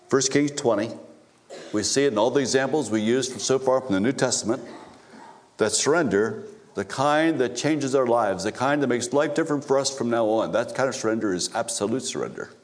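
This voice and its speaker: A man, a pastor, preaching a sermon in a church, telling a personal story and repeating phrases for emphasis, with frequent restarts. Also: mid-range voice.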